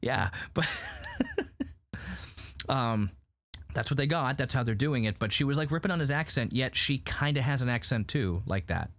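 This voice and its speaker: Animated, rambling man recapping a show. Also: mid-range voice, normal speed, no room sound. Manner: animated, rambling, heavy use of "like". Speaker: podcast host recapping a show. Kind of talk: casual chat.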